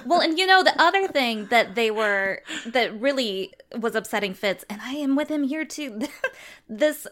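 A woman's voice: fairly high pitch, lively intonation, normal speed, sharp tone. A woman co-hosting a podcast in casual chat, playful and laughing often. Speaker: podcast co-host.

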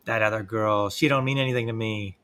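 A man's voice: fairly low pitch, fairly even intonation, brisk, a bit bright, pitched below the performer's own voice, natural voice. A man hamming up a guilty brooding husband. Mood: hammy. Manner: hammy, mock-dramatic.

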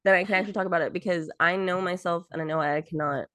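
A young woman co-hosting a podcast in casual chat, excitable and theatrical, acting out quotes as she talks. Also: fairly low pitch, very fast, dry recording. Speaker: podcast co-host.

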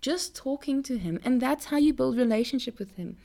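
A woman's voice: fairly quick, vocal fry. Earnest young woman giving a faith talk. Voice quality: earnest, repeats words when stressed. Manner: animated pitch jumps. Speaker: christian speaker.

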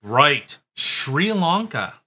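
A man's voice: a little high, big pitch swings, extremely slow, pushed and bright, breathy edge. A man hosting a podcast, talking in a blunt, sarcastic, profane way in casual chat. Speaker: podcast host.

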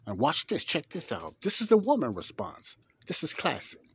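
A man with a slightly high, fairly bright, somewhat rough voice swings widely in pitch at a normal pace. He hosts a Bible study podcast, reading scripture aloud and explaining it in a chatty, emphatic, rambling style of casual teaching.

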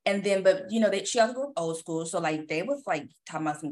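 A woman sharing a parenting story in a relaxed conversational chat, lively and animated as she acts out what everyone said. Her voice sits a little low for a woman. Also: quick pace. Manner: animated storyteller who acts out quotes and laughs often. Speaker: podcast co-host and mother.

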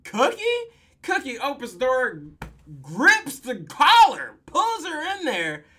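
Podcast host doing a super lively, slangy recap, bright edgy voice. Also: high-pitched, takes it slowly. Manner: animated, slangy, profane storytelling with laughs. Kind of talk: casual episode recap.

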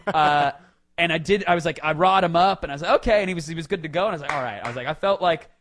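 A man hosting a podcast, telling a story in a casual, comic way, with swings between loud and quiet. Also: a little high, racing. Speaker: podcast host.

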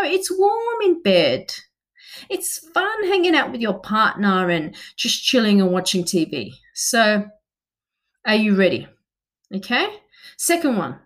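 A woman in her thirties, a personal trainer, talking directly and chattily to the listener about exercise motivation and asking questions. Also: medium pitch. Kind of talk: motivational talk to camera.

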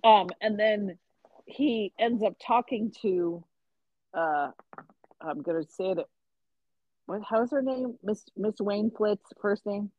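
A woman's voice: medium pitch, slow pace, long pauses, darkish tone, no echo, highs cut off. A woman co-hosting a podcast, chatting casually about a book and acting out the characters' lines. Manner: chatty, acts out characters' lines, laughs easily. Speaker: podcast co-host. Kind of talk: casual chat recapping a mystery novel.

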